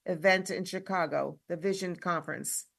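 A woman's voice: on the low side, fairly even intonation, normal speed, gravelly, dry recording, clean studio sound. A woman hosting a radio talk show, chatting with a guest and signing off. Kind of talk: casual radio interview.

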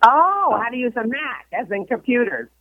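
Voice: medium pitch, very animated, slightly rough, no room sound. Teasing radio co-host, tinny sound. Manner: quick interjections, teasing questions. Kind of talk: call-in radio hosting. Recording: tinny narrow-band sound, dry.

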